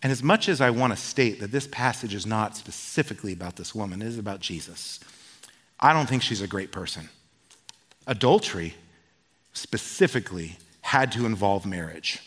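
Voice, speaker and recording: A man preaching a sermon and telling a personal story, swinging from loud outbursts to hushed tones. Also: lowish voice, expressive, moderate pace, slightly rough. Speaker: pastor. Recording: long hall reverb.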